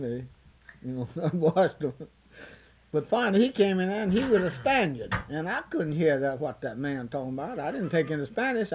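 Husky older man telling a rambling story. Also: on the high side, narrow, tinny audio. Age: 60s. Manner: rambling folksy storyteller who quotes others. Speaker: interviewee. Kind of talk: casual spoken anecdote.

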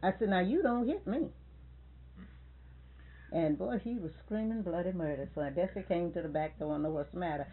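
A woman's voice: on the low side, quick pace, hardly any pauses. An older woman being interviewed, animatedly retelling family stories with quoted dialogue. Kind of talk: storytelling in conversation. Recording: tinny phone-like sound.

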